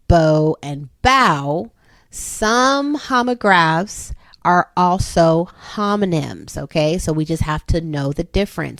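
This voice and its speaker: Homeschool mom, 30s, lower-pitched woman, patient step-by-step phonics teacher, dry close sound. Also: no echo. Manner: slow, patient, explaining step by step. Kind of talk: phonics lesson for her children.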